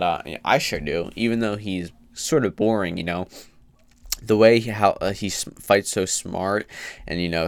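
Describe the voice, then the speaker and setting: Low smooth-voiced man ranting. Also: dry recording. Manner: opinionated, rambling, gets heated and loud. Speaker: podcast commentator. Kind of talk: casual commentary.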